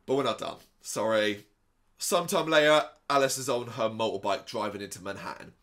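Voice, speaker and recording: A man co-hosting a casual movie review chat, animated and sarcastic, swearing often. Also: lowish voice, brisk. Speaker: podcast co-host.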